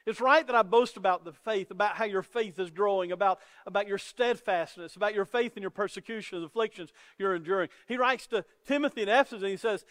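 A man's voice: high-pitched, fast talker, few pauses, fairly bright tone. A man preaching a sermon as pastor, earnest, often repeating words as he starts a sentence. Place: church sanctuary. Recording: long reverb of a church hall.

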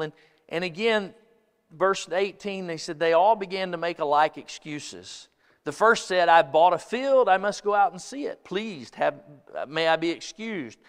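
A man preaching a sermon as pastor, telling stories in an animated way, acting out quotes and laughing along. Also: high voice, in a large hall. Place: church sanctuary.

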